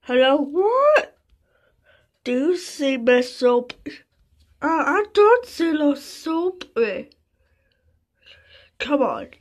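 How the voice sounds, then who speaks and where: A woman acting out a toy play in many quick voices, excitable and switching between shouts and mutters. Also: high-pitched.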